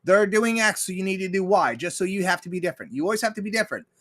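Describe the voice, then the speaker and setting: A man with a slightly high voice runs a casual livestream and fires off a profane, argumentative rant. He keeps it blunt and combative, pausing now and then to greet viewers and read their messages aloud. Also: lively intonation, fairly bright tone. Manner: reads viewer chat aloud. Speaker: livestream host. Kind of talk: casual ranting commentary.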